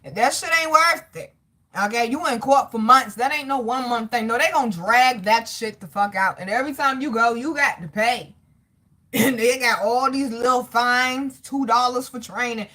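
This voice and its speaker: Bright-voiced woman reading tarot live. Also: on the high side, normal speed. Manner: slangy, swears freely, greets chat by name; talks to God out loud between points. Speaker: tarot reader.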